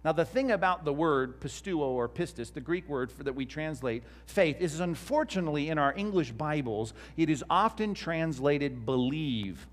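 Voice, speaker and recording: A man's voice: on the high side, animated, normal speed, few pauses. A man, a pastor giving a conversational teaching sermon to a live congregation and asking them questions. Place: church before a live congregation.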